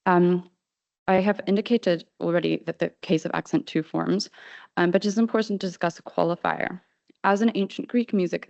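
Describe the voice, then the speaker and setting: A woman presenting an academic conference paper in a careful, measured reading style with frequent hesitations. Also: on the low side, creaky, a little mellow, dry recording, muffled recording. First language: not Swedish.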